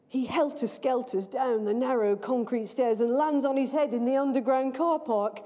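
A woman author reading her own story aloud, in a lively, playful storytelling manner, in a large library hall. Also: sits high, moderate pace, few pauses. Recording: long reverb of a large hall.

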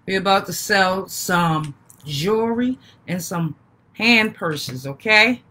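A woman in her fifties hosts a live-stream sale in an unhurried, drawn-out way. Her voice is bright and forceful, and her talk is folksy and chatty, with the same welcomes repeated over and over. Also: mid-range voice, expressive. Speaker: live-stream seller and host. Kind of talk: casual live-stream sales chat.

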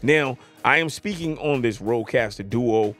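A man's voice: medium pitch, animated, moderate pace, fairly bright tone, faint music behind. A man casually demoing a new piece of audio gear, joking around and often asking the listener if they follow him, speaking into a podcast microphone in a home studio. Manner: playful, chatty, keeps asking if you follow him. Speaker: tech gear reviewer. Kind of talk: casual product demo. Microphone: USB podcast mic on desk.

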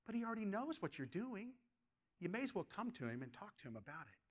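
A man's voice: sits high, very animated, fast. A man preaching a sermon as pastor, asking the congregation questions and telling stories from his own life.

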